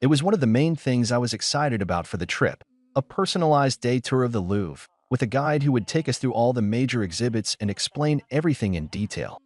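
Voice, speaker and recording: A man narrating a first-person story in a steady, measured way. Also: mid-range voice, no echo.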